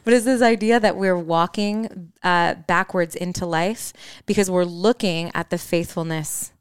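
A woman's voice: lowish voice, steady tone, unhurried, smooth, dry recording, studio quality. A woman with a Midwestern American accent co-hosting a podcast, talking in a thoughtful, affirming way. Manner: affirming, thoughtful, frequent mm-hmms. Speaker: podcast co-host. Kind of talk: reflective casual conversation.

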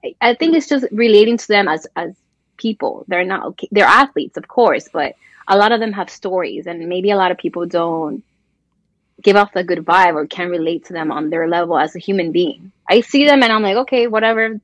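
A woman's voice: on the low side, fairly quick, dry recording, dull audio. A woman from Colombia, a guest sports journalist, chatting in an interview and acting out the voices in her stories. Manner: animated storyteller, acts out quoted voices. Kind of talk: casual interview chat.

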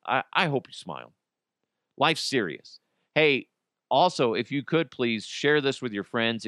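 Man, podcast host, bright clear voice, lively pitch, rambling, swears a lot. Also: no room sound, clean studio sound. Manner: rambling, profane, jokey. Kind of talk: casual solo podcast monologue.

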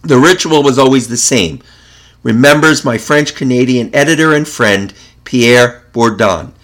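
A man hosting a casual podcast, chatting in a relaxed way and reading a recipe aloud. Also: mid-range voice. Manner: relaxed, chatty, self-correcting. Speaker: podcast host.

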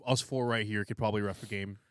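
A man on a fan podcast who talks in a brash, excitable way and swears freely. His voice sits fairly low. The sound is dry and close. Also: fast talker, clean tone, dry recording. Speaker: podcast co-host. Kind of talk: casual fan podcast chat.

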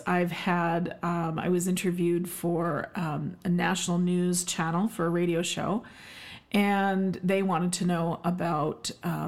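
Effusive middle-aged woman hosting a podcast. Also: fairly low pitch. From Canada. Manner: warm, emphatic, effusive with frequent fillers. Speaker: podcast host, health expert. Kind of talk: solo podcast monologue.

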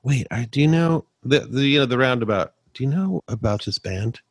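A man's voice: mid-range voice, animated, a little hiss or hum. A man co-hosting a casual podcast, joking and making playful asides. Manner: playful, jokey, quick asides. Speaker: podcast co-host. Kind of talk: casual chat.

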